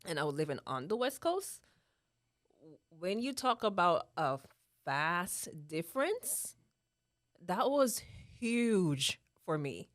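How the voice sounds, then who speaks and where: This guest speaker, a woman in her thirties from Jamaica, chats casually in a Jamaican accent, earnest and often asking "right?" as she laughs and repeats points. She speaks slowly in a lowish, sing-song voice. The sound is clean studio audio with no room sound.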